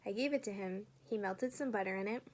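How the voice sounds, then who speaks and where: A woman, a teacher, reading a children's chapter book aloud in a steady, clear storytelling voice. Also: mid-range voice, a little fast.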